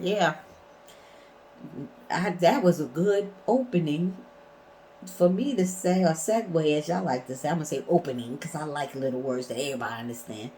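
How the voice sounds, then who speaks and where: A woman's voice: deep voice, moderate pace, mellow, slight background noise, poor audio. A woman vlogging in a casual storytelling way, blunt and emphatic, swearing freely.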